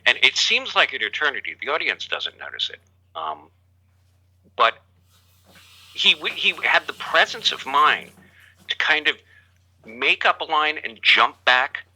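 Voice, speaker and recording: A man's voice: mid-range voice, sharp tone, rough recording. A man, a guest on a podcast, telling reflective anecdotes in casual chat. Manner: reflective anecdotes about acting in theater.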